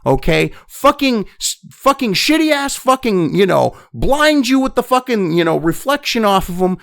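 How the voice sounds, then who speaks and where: A man delivers a furious, profanity-laden rant, jumping between flat, muttered reading and sudden high, loud outbursts. His voice sits fairly high and swings widely in pitch. The sound is close and dry, with no room around it. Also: normal speed, creaky, hardly any pauses, no room sound. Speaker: commentator reading and reacting to news. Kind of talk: profane political rant over news reading.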